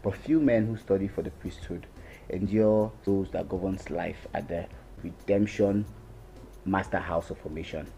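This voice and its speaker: An actor with a Nigerian accent playing an earnest young seminarian who calmly explains and gives advice. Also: male voice, low-pitched, normal speed, gravelly, slight background noise. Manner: calm, explaining, gently lecturing. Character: earnest young male seminarian, patient and advising.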